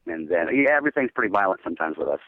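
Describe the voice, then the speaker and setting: A man's voice: low-pitched, very animated, racing, phone-quality sound. A man, a metal band's singer, chatting casually in an interview and telling rambling laid-back stories full of "dude". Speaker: metal band singer guest.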